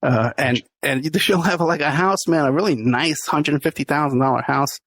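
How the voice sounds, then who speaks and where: A man's voice: a little high, normal speed, a bit bright, dry recording. A middle-aged man, the podcast host, telling a story in a casual interview, laughing often and acting out the people he quotes.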